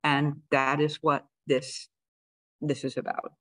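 A woman speaker gives a public history lecture in a relaxed, conversational way. Her voice sits somewhat low, and she wanders into asides and fillers while walking listeners through old documents. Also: slow pace, no room sound. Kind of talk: public history talk with slides. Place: lecture room of a historical society.

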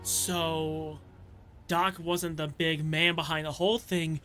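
A man narrating his gameplay in a high, very bright voice, excitable and given to shouting taunts at enemies. His steady delivery slows in calmer stretches, with faint game music underneath. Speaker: let's play gamer. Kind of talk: gameplay commentary.

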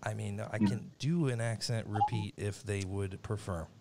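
A man's voice: lowish voice, moderate pace, very noisy. Joking male trivia show host. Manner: joking, self-deprecating, rambling with restarts. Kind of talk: casual podcast quiz hosting.

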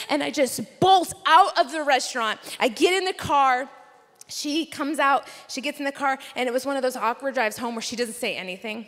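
A woman preaching at a conference, telling a funny story with lively, animated delivery. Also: high-pitched, normal speed, in a large hall. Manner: animated, comic storytelling with laughs. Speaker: conference speaker. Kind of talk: storytelling sermon. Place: conference hall.

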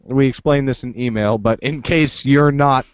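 A man hosting a casual podcast over a video call, excitable and swearing freely, now and then slipping into quick impressions. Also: mid-range voice, a little hiss or hum. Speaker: podcast host. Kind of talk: casual chat. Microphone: computer over a video call.

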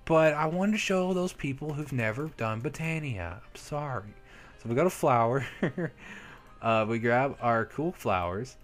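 Young male let's-play host, chatty and upbeat, mid-pitched, faint music underneath. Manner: chatty, upbeat, talks to viewers while playing. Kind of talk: casual gameplay commentary. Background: soft background music.

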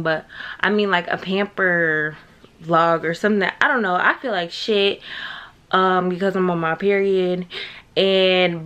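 A woman's voice: on the low side, a bit bright, clean tone. A young woman vlogging casually to camera at home, chatty and blunt, swearing freely and talking in slang. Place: at home, just out of bed.

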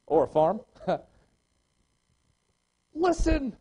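A man preaches in a church with a high voice. He moves between loud, excited calls and hushed readings of scripture. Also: extremely slow, husky, low-quality recording. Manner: animated preaching, swinging from loud exclamations to quiet scripture reading. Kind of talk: sermon.

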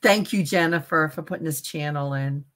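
A woman's voice: deep voice, normal speed, fairly bright tone. A woman co-hosting a live online sale, chatting and rambling casually. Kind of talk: live selling chat.

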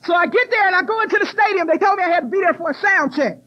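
A middle-aged woman from the US Midwest giving an animated, laughing personal testimony at a recovery conference. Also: very high-pitched, racing. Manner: animated, laughing, exclamatory storyteller. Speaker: recovery meeting speaker. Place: conference hall stage. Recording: muffled cassette tape transfer.

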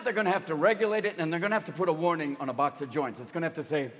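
Lively, high-voiced male comedian. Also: big-room sound. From United States. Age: 50s. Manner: rapid, animated, profane, jumps between voices. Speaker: stand-up comedian. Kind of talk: stand-up comedy. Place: large theater stage. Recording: live theater show with crowd noise.

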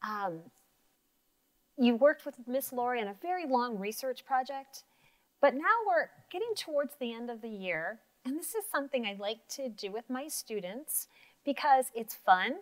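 A woman's voice: a little high, no echo. A woman teacher giving a writing lesson to young children, upbeat and encouraging.

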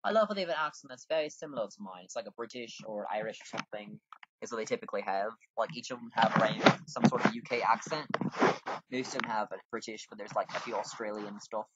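A man's voice: lowish voice, quick pace, lo-fi sound, background noise. A man chatting bluntly through a video game playthrough, swearing casually as he comments. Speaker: game streamer. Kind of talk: casual let's play commentary.

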